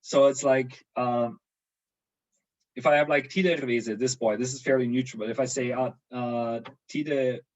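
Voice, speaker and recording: A man's voice: medium pitch, fairly even intonation, measured pace, highs cut off. A man teaching a university language lesson online, explaining at length with many fillers and restarts.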